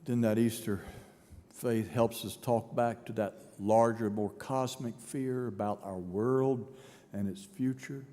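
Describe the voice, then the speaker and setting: A man's voice: lowish voice, fairly even intonation, takes it slowly, dark tone. A male pastor preaching a sermon, dramatic and storytelling, acting out imagined speakers. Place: large church sanctuary. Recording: long church reverb.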